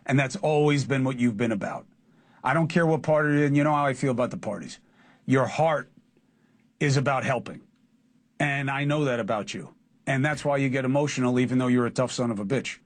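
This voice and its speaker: Man, TV news interviewer, earnest, consoling, medium pitch. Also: a little fast.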